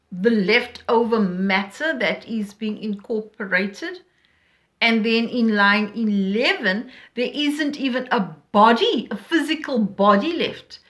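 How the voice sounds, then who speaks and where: A woman teaching a poetry lesson, talking slowly and deliberately and reading lines aloud with emphasis. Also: a little high, a bit bright.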